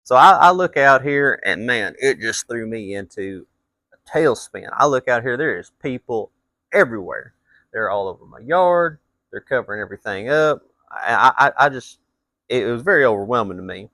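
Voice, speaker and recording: A man's voice: mid-range voice, lively intonation, moderate pace, bright, forceful tone, dry recording. A man telling a blunt, profane story as a rant, his voice jumping up into heated outbursts. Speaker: vlogger.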